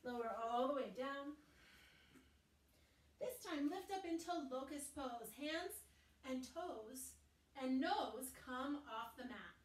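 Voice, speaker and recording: A woman teaching a gentle family yoga class, calmly cueing breaths and poses and adding playful asides for children. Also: sits high, slow, pauses often. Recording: roomy echo, mic at a distance.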